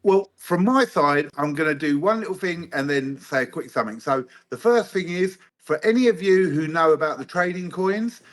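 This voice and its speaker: A man's voice: fairly high pitch, expressive, normal speed, few pauses, fairly bright tone. A man speaking as a guest on a live stream, friendly and easygoing, with casual slang. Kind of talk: casual livestream chat.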